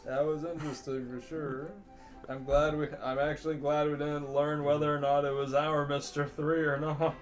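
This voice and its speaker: A man co-hosting a comedy podcast, reacting with slow, crude jokes and laughter. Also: a little high, flat delivery, faint music behind. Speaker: podcast co-host. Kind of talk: casual comedic chat.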